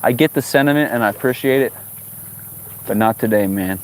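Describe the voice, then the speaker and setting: A man's voice: mid-range voice, fairly quick, pauses often, a little hiss or hum. Brief: male fishing streamer, casual joking banter aimed at viewers, outdoors by the water, bugs chirping behind. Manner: joking, talks to viewers, exasperated at the fish. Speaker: fishing livestream host. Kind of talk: casual livestream chat.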